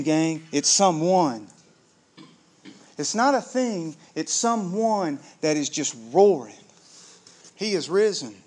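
A man preaches a sermon, his voice sitting noticeably high for a man. He tells the story with animation, slipping into the characters' voices as he goes. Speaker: pastor.

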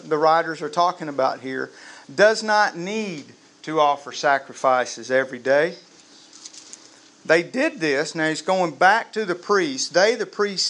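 A man preaching a sermon to a live congregation, lively and humorous, quizzing the crowd. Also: on the high side. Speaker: pastor.

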